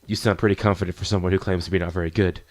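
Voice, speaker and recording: A man's voice: deep voice, steady tone, rapid-fire, no room sound, voice pushed down. A man voicing a confident, friendly teenage girl who leads a club, talking in an encouraging, chatty way. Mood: reassuring.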